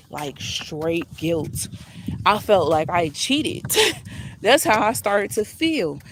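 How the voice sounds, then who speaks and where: A woman telling a personal story to her viewers in a casual, blunt and profane way, with lively swings in her voice. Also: fairly low pitch, a little hiss or hum.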